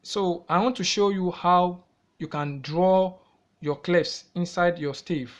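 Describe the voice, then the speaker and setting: A man's voice: high-pitched, takes it slowly. A man with a Nigerian English accent teaching a music theory lesson, repeating himself often and asking the viewer questions before he answers them.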